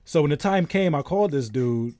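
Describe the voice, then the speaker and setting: A man's voice: fairly high pitch, expressive, a little fast, warm tone, no room sound. A man around thirty, a game streamer in casual live-stream chat, telling a rambling story while greeting viewers.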